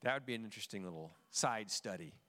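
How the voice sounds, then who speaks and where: A man preaching a sermon, expressive and emphatic, reading scripture and asking the listeners questions. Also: lowish voice, quick pace, long reverb tail. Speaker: pastor.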